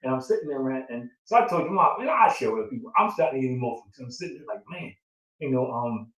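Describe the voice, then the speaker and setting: A middle-aged man speaks as a proud father, reminiscing in a loose, emotional way with lots of fillers. His voice sits in a middle pitch. It sounds roomy and a bit distant from the mic. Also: expressive, fast, fairly bright tone, lo-fi sound. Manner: reflective, emotional storytelling with many fillers. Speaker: father of the groom. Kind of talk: casual chat.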